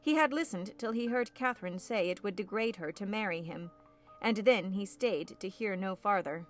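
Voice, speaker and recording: A woman narrating a classic novel audiobook in a measured storytelling manner. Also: mid-range voice, soft background music.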